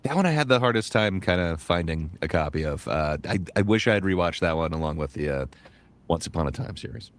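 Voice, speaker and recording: A man's voice: low voice, lively intonation, brisk. A man on a podcast panel speaking hesitantly, with many fillers. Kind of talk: casual panel chat.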